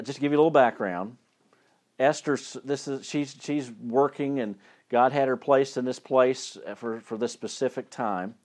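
A male preacher giving a sermon, retelling a Bible story in a casual, conversational way and often restarting and repeating words. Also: medium pitch.

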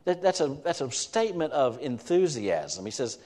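A man's voice: a little high, very animated, moderate pace, few pauses, a little mellow. Fervent male pastor in a reverberant hall. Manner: reads scripture with rising fervor, asks the congregation questions. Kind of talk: sermon.

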